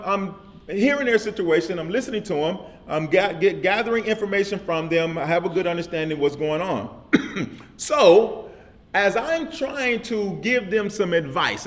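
A man preaching a sermon in casual, everyday speech. He repeats phrases and keeps asking "amen?" of his listeners. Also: high voice. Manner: repetitive call-and-response preaching with frequent "amen?". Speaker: pastor.

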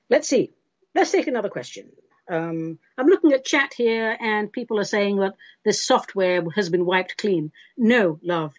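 A woman's voice: medium pitch, no room sound, dull audio. A British woman hosting a spiritual call-in show, chatty and theatrical as she answers listeners, calling them love and darling. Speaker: host answering listener questions.

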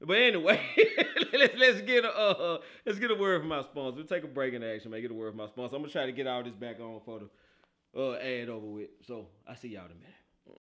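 A man hosting a casual football podcast, talking in animated, slangy banter and laughing often. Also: medium pitch, fast talker. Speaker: podcast host. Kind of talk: casual football talk show.

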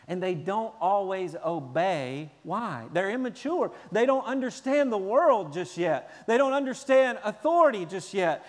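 A man preaching a sermon in an animated way, at times acting out shouting children. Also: high voice, in a large hall. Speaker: pastor.

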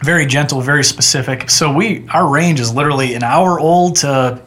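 A man's voice: fairly high pitch, normal speed, a bit bright. A man, a chiropractor, talking earnestly and chattily as a guest in a casual podcast interview. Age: adult with children. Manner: earnest, chatty, with frequent restarts.

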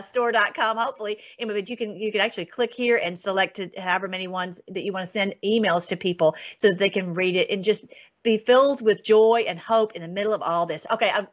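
Excitable woman host, lo-fi sound. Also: medium pitch. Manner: excitable, laughs often, many restarts. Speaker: online show host. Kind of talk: casual commentary and scripture reading. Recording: dull lo-fi sound.

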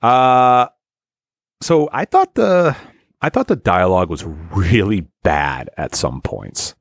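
A man with a lowish voice that swings widely in pitch, recorded dry and close. He talks casually about a movie, pausing on fillers and laughing often. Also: very animated, no room sound. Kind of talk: casual movie-review chat.

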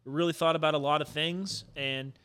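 A man co-hosting a casual food podcast, joking around with deadpan fake announcements. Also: on the high side, normal speed, clear, resonant tone. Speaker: podcast co-host. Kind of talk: casual chat.

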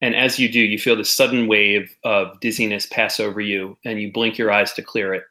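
Bright-voiced male game master. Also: lowish voice, level tone, fairly quick. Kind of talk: narrating a tabletop game.

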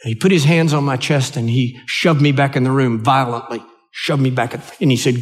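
An older man with an American accent, preaching a sermon and telling a personal story in an earnest, halting way, often restarting his words. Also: mid-range voice, steady tone. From United States. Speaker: pastor.

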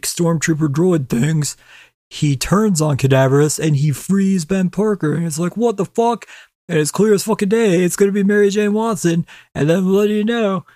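A man's voice: a little high, a little mellow, no room sound, studio quality. A young man co-hosting a casual book review chat, ranting with heavy profanity and exasperation. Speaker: podcast co-host.

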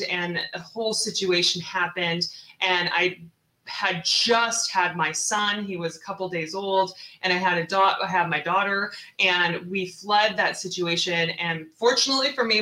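A woman's voice: mid-range voice, sharp tone, reverberant, low-quality recording. A woman from Seattle, a real estate investor and podcast guest, telling her story earnestly and repeating words for emphasis. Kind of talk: personal story in an interview.

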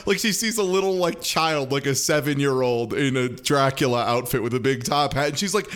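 A man with a somewhat high voice chats loosely about a TV episode. He jokes and mocks what he describes. He talks like a host among friends. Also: expressive, fairly quick, few pauses, a bit bright, clean tone. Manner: joking, mocks characters in silly voices. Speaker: podcast host. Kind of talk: casual chat recapping a TV episode.

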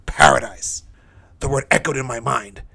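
A man's voice: normal speed, gravelly, a bit bright, husky. A man performing a dramatic first-person monologue as a hardened, bitter thief dying on a cross, brooding and cynical. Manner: brooding, cynical, low-key.

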